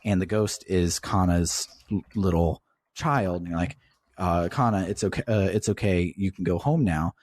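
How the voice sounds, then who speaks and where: Podcast guy with a low voice, retelling a game story, swears a lot, dry close sound. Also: normal speed, darkish tone, no room sound. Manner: swears casually while recounting the plot. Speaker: podcast host.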